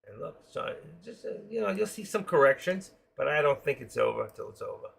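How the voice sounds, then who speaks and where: Gravelly older New York man. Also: fairly high pitch, big pitch swings, brisk, a bit bright. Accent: New York, with a trace of Florida. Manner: chatty, jokey, talks to viewers while trading. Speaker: trading live-stream host. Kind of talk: casual live-stream commentary. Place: home.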